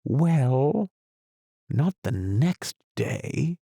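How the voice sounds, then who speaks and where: A man's voice: on the low side, expressive, creaky, darkish tone, no echo, clean studio sound, heavily acted. A man doing a grave, muddled knight inventor. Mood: grave, musing. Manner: grave, slow, musing. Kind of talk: audiobook character voice.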